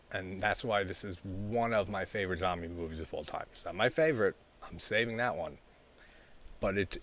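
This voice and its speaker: A man's voice: fairly low pitch, fairly bright tone. A man talking casually and rambling as he discusses a horror film, with many filler words and frequent chuckles. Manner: rambling, heavy use of "like", chuckles often. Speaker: horror movie reviewer.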